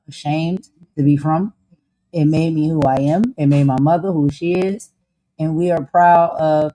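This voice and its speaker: Jersey woman ranting casually, low pitched and mellow, real sassy. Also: low-quality recording. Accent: New Jersey. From Camden, New Jersey. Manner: blunt, sassy, slangy and animated. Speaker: host. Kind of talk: casual chat.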